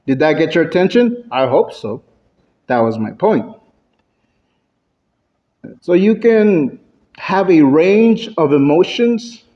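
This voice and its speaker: A man giving a prepared speech at a speaking club, playing with pitch and loudness for effect. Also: animated, slow pace. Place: club meeting room, indoors. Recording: dull lo-fi recording.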